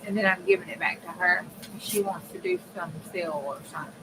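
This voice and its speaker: A woman runs a casual crafting livestream from her home craft room, chatting with viewers and laughing a lot while the air conditioner runs. She talks quickly in a lowish voice into a desk mic, with a faint fan hum in the room.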